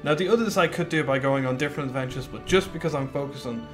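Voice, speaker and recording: A man streams a game and talks casually over music at a fast clip, his voice medium in pitch. He rambles about what he plans to do, full of fillers and replies to his chat.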